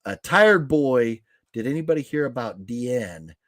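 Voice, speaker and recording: Male live-stream host, middle pitch, dry close mic, rambling chat with viewers. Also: animated, normal speed, a bit bright, dry recording. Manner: rambling, reacts to viewer comments with fillers and restarts.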